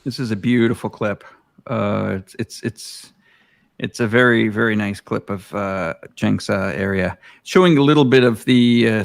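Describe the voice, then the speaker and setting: A man's voice: lowish voice, dry recording, clean studio sound. A man hosting a live stream, rambling with many fillers and enthusiasm in casual chat. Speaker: live stream host showing aerial footage.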